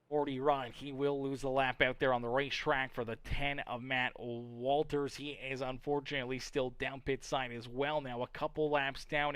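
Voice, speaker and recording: A man giving play-by-play commentary on a sim racing league broadcast, breaking down crashes and pit stops in steady analysis. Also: fairly high pitch, dry recording. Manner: excited, shouts at crashes; steady explanatory replay analysis. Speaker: race commentator.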